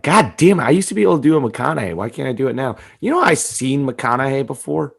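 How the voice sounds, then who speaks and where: Crude, gravel-voiced man riffing on a podcast. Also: animated, quick pace, hardly any pauses. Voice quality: deep gravelly voice. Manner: crude, swearing, riffing with laughs. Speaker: podcast co-host. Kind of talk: casual comedy podcast chat.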